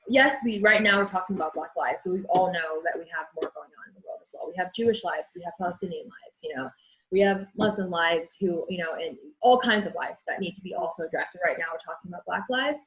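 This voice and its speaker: A woman's voice: fairly low pitch, fairly bright tone, low-quality recording. A young woman speaking as an interview guest, frank and earnest, often restarting her sentences. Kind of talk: candid conversation.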